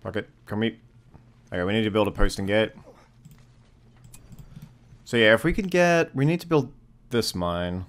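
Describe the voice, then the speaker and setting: A man giving casual let's-play commentary on a strategy game, excitable and swearing often, with frequent sudden exclamations. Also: lowish voice, normal speed, pauses often. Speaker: gameplay commentator.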